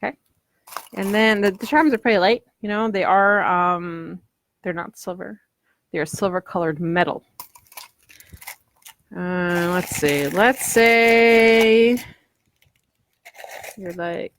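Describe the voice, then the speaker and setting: A woman's voice: mid-range voice, a little slow, pauses often. A woman crafter chatting casually through a live demo at home, rambling and acting out what customers might say. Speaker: polymer clay crafter selling ornaments.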